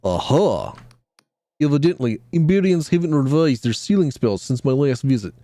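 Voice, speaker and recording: A man's voice: medium pitch, lively intonation, normal speed, mellow, dry recording, close to an everyday voice. A man putting on a wry Russian-accented guide. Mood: dry, theatrical. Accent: put-on Russian. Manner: dry, theatrical, formal.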